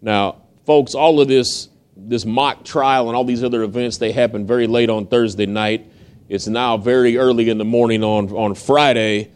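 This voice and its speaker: A man's voice: medium pitch, fairly even intonation, moderate pace, darkish tone, clear, resonant tone. A man from the United States preaching, retelling a story in a folksy, conversational way with acted-out quotes. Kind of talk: storytelling sermon.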